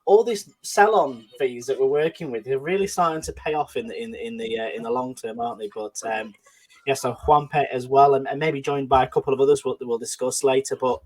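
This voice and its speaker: A man's voice: medium pitch, darkish tone. A man hosting a casual football chat podcast, talking with many fillers and restarts and putting questions to his co-hosts. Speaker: podcast host.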